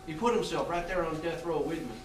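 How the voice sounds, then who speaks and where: Man, stage monologue, halting confessional delivery, fairly high voice, roomy distant sound. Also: background noise. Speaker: stage actor playing a death row inmate. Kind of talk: theatrical monologue. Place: small theatre stage.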